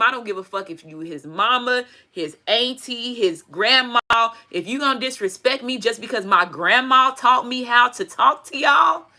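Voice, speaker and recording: A woman's voice: a little high, bright, forceful tone. A woman, giving a casual tarot reading with blunt, profane asides and preachy advice. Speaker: tarot reader. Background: faint music playing.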